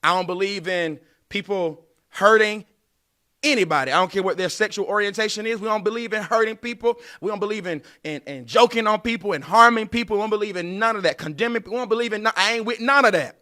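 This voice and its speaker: Man in his late thirties, high voice, bright tense tone, preachy advice, talks right at listeners. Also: fast talker. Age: late 30s. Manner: animated, preachy, addresses listeners directly. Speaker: podcast host giving dating advice. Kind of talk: casual advice monologue.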